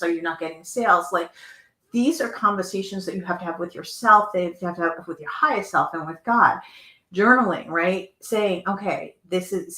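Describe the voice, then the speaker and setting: Woman, motivational host, bright tone, slightly low pitch, echoey room, earnest rhetorical questions. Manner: earnest, asks many rhetorical questions, repeats words. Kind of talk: motivational talk.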